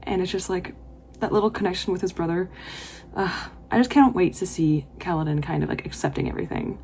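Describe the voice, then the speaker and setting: A woman's voice: lowish voice, brisk, creaky, darkish tone, husky. A young woman vlogging her reactions while reading, talking in an emotional, gushing and exclamatory way. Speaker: book vlogger. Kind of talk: reading vlog commentary.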